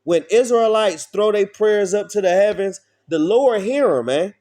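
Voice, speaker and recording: A man's voice: high-pitched, expressive, a little slow, warm tone. A man preaching an informal street sermon, blunt and profane, often asking his listeners questions.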